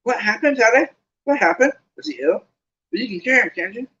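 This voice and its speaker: Excitable young boy fan, man voicing; very high, bouncy. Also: a little fast, slightly rough, muffled recording, full character voice. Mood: eager.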